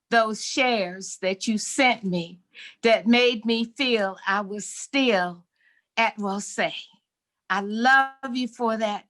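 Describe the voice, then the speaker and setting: A woman giving heartfelt thanks to her community, speaking earnestly with halting pauses as she searches for words and names. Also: mid-range voice, a bit bright. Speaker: community member.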